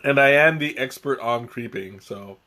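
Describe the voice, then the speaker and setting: A man hosting a casual live-stream tea tasting, chatty and joking, who talks haltingly with many restarts and fillers. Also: medium pitch, sharp tone. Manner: chatty and joking, often chuckling.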